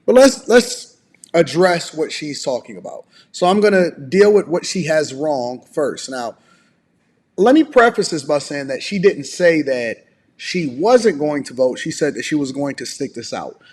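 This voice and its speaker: A man's voice: a little high, sing-song, measured pace. A man hosting a reaction channel, talking in a casual, conversational way. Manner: conversational, promotional asides, loose fillers. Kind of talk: casual commentary.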